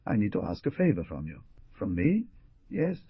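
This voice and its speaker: A man's voice: on the low side, wildly swooping pitch, moderate pace, gravelly, slightly rough, no echo, muffled recording, heavily acted. A man voicing an earnest, compassionate young woman, with a raised, pleading delivery. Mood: hesitant. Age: young adult.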